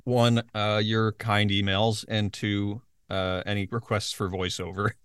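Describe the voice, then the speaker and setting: A man's voice: on the low side, flat delivery, unhurried, a bit bright, clear, resonant tone, no room sound, studio quality. A man co-hosting a podcast in casual chat, joking and poking fun at himself. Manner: joking, self-mocking. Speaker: podcast co-host.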